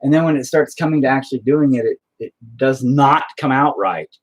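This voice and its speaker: A young man hosting a painting video talks briskly in a mid-range voice. He chats casually to his painting as he works, constantly swearing and poking fun at himself.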